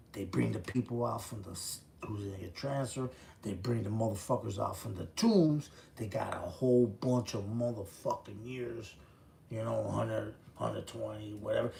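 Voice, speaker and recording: Gravelly, blunt-talking man in his fifties. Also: on the low side, a little mellow, slight background noise. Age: 50s. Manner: profane, blunt, street-talk storytelling. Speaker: former prisoner telling his story. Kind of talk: casual storytelling.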